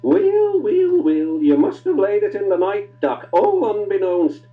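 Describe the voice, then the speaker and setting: A man's voice: high voice, sing-song, unhurried, narrow, tinny audio, voice pushed up, heavily acted. A man voicing a cheerful Scottish male tank engine who teases his friends in a broad, sing-song way. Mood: amused.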